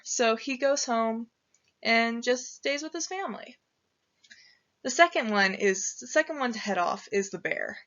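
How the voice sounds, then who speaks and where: A woman's voice: fairly high pitch, expressive, a little slow, a bit bright. A young woman student giving a casual storytelling presentation, chatty and slangy in her retelling. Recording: dull lo-fi recording.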